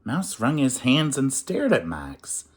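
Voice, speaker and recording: A man reading a rhyming children's picture book aloud in an expressive, sing-song way. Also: medium pitch, slow, husky.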